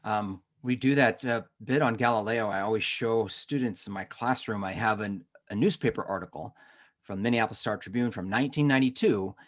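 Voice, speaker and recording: A man's voice: fairly low pitch, a little fast. A man teaching a history lesson in a conversational way, with asides and self-corrections. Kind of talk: lesson on a recorded webinar.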